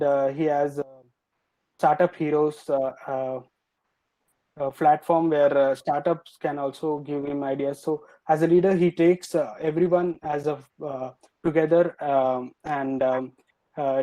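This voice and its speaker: A nervous young man answering a panel's questions, hesitating with many filler pauses. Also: a little high, mellow, rough recording. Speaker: student presenter.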